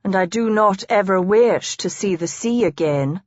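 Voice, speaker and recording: A woman voicing a big, blunt Welsh tracker with a gruff manner and a Welsh accent. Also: mid-range voice, a little slow, dry recording, lo-fi sound, lightly acted.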